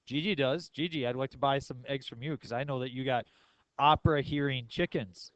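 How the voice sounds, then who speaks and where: A man teaching a math class in a relaxed, joking way, tossing questions to his students. His voice sits at an ordinary middle pitch. The sound is dry and close, with no echo. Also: a little fast, highs cut off. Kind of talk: classroom lecture.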